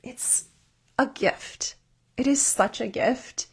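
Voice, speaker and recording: A woman's voice: high-pitched, slow, slightly rough. A woman life coach giving a workshop talk, earnest and encouraging, often checking in with "right?" as she goes.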